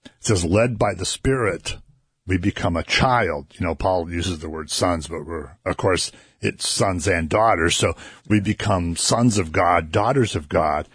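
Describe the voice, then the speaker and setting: A man's voice: low-pitched, unhurried, a bit bright, slightly rough, no echo, studio quality. A man hosting a Christian radio show, earnestly explaining a Bible passage to listeners and his co-host. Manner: earnest, explanatory, builds emphasis. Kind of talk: conversational Bible teaching.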